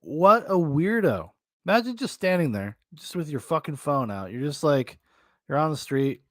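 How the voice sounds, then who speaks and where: A man's voice: fairly high pitch, sing-song, normal speed, dry recording, clean studio sound. A man hosting a podcast, mocking clips in casual, profane commentary with laughing asides. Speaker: podcast host. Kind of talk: casual commentary on videos and chat.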